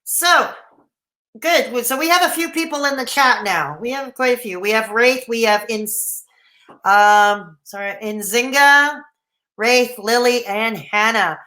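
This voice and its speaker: A woman's voice: a little high, slow, bright, forceful tone. A woman in her thirties from Canada hosting a rambling, casual late-night livestream, reading out and answering the live chat. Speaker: livestream host. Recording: echoey room.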